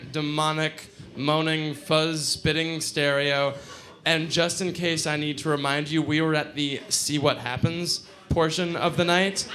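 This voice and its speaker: A man in his twenties telling a personal story on stage, profane, wry and animated. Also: on the high side. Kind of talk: live storytelling performance.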